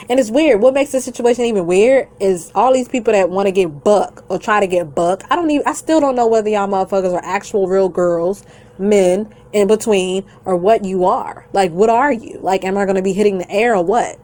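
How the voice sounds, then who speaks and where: A woman vlogger rants straight at her audience in a mid-pitched voice. She is blunt, defiant and profane, rambling from one complaint to the next in a loose, conversational way. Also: a little mellow. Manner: blunt and defiant, swears constantly, breaks into laughter; rambling and conversational, addresses viewers directly. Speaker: YouTuber. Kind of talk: profane rant to camera.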